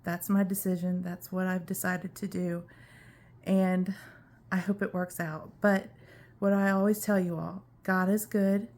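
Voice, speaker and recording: Slow, flat-voiced woman, out of breath. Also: lowish voice. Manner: earnest, reflective, repeats herself for emphasis. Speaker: vlogger. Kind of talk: personal video diary.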